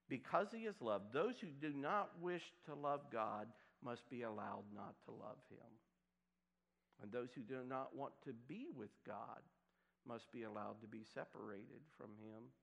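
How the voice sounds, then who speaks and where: A man preaching a sermon to a congregation, swinging from loud emphatic bursts to hushed, quiet lines. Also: medium pitch, gravelly. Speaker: pastor.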